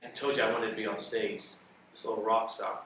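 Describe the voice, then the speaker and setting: A man's voice: lowish voice, fairly quick. A man telling stories in a casual interview, acting out the dialogue as he goes. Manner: animated, acts out quoted dialogue. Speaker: interview guest. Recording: echoey room, distant mic, faint noise.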